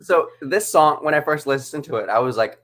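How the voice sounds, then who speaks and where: Expressive co-host, animated, laughs a lot and swings the pitch widely. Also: a little fast. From United States. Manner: animated, laughs often, leans on "like". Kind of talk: casual chat.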